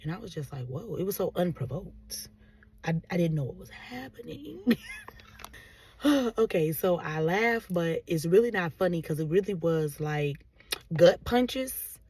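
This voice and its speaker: A woman telling a casual story-time vlog in a chatty, animated, sarcastic way, full of fillers. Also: lowish voice, measured pace, husky, far from the mic. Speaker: vlogger. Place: car on the road.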